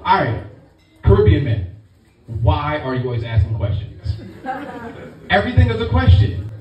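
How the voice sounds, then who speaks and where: A man's voice: a little high, sing-song, normal speed, long pauses, highs cut off. A middle-aged man from Brooklyn, doing a brash, profane stand-up set and teasing the crowd. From Brooklyn, New York. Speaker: stand-up comedian. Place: comedy lounge, live audience. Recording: echoey club from far off, music, crowd.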